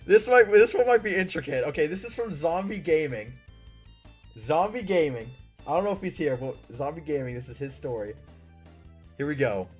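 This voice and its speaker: Animated man reading stories aloud, laughing. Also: fairly high pitch. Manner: laughs often, breaks off into incredulous outbursts. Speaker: YouTuber reading viewer stories. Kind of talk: casual reading aloud with commentary.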